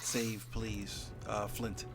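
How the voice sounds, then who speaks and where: A man's voice: lowish voice, little pitch movement, extremely slow, music in the background. A man running a tabletop game as dungeon master, narrating in a rambling way with lots of fillers.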